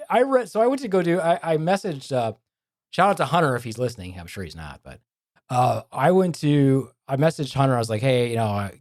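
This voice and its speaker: Podcast host guy, casual chat, super animated voice, acts out people in his stories. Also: medium pitch. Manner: lively storyteller who acts out quoted people.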